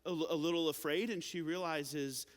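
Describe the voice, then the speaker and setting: A young youth pastor with a high, light voice preaches to teenagers in a big hall, each phrase trailed by long reverb. He talks casually and animatedly like a storyteller, full of filler words, at normal speed with fairly even intonation.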